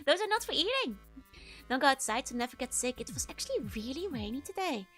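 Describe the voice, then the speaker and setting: A woman's voice: sits high, very animated, normal speed, fairly bright tone, soft background music. A Dutch woman streaming, chatting casually with her audience, giggly and greeting viewers one by one, with a tickly, scratchy throat. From Netherlands.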